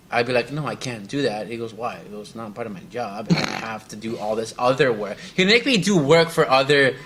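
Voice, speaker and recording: A man's voice: mid-range voice, fairly bright tone. A young man co-hosting a casual chat, rambling through workplace stories and acting out his coworkers' lines with lots of laughter. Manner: rambling storyteller, acts out quoted coworkers, laughs often. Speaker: podcast co-host.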